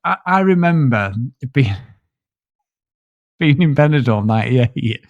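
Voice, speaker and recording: A man's voice: mid-range voice, measured pace, dry recording, phone-quality sound. A man co-hosting a casual film review podcast, rambling and swearing as he tells his stories. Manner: rambling, sweary, animated storytelling. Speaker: podcast co-host.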